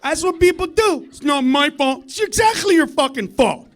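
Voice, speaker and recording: Male stand-up comic, voice sitting very high, loud and foul-mouthed ranting delivery, live club set on a stage mic. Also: expressive, moderate pace. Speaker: stand-up comedian.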